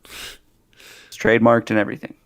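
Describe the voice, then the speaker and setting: A man's voice: on the low side, monotone, normal speed, a bit bright, clear, resonant tone. A man co-hosting a casual podcast, joking, laughing often and mimicking people in quotes. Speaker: podcast co-host. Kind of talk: casual chat.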